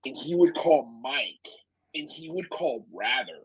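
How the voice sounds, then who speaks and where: A man in casual chat who talks in a rambling way and tells the other speaker to calm down. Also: medium pitch, measured pace, husky, dry recording.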